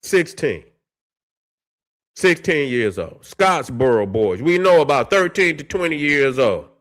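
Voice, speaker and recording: Heated, animated man ranting on camera. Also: on the high side, measured pace. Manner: heated, preachy, swears a lot, stumbles over words; reads case histories aloud between rants. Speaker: commentary channel host. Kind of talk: impassioned commentary vlog.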